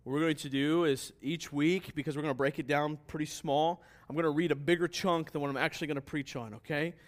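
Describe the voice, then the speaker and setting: A man preaching a sermon in a relaxed, conversational way, with asides to the congregation. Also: a little high, fairly quick. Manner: conversational preaching that rises to emphatic scripture reading. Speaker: pastor.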